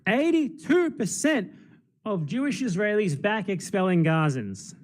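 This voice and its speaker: A man's voice: high voice, very animated, unhurried. A man streaming political commentary and reacting to videos in a sarcastic, mocking manner.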